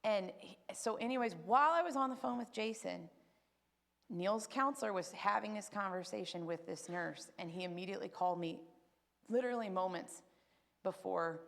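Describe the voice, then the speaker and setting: A woman's voice: mid-range voice, moderate pace, gravelly. A woman giving a spoken personal testimony at church, telling her story with feeling and acting out what others said. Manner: emotional, animated storytelling with acted quotes.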